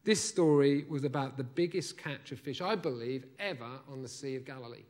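A man preaching a sermon, telling a Bible story with lively, acted-out lines and asides to the congregation. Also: medium pitch, brisk. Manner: animated storytelling, acts out the disciples' lines.

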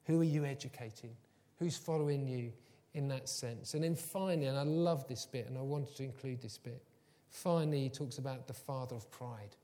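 A man preaching a sermon, telling personal stories, moving from quiet and low to loud and emphatic. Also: brisk. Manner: warm storytelling, swings from soft and low to loud and emphatic. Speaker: pastor. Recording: long hall reverb.

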